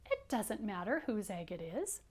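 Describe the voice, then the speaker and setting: A woman voicing a kindly male father bird in a picture-book read-aloud, speaking earnestly and a little louder than her narration. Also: mid-range voice, very animated, measured pace, breathy edge.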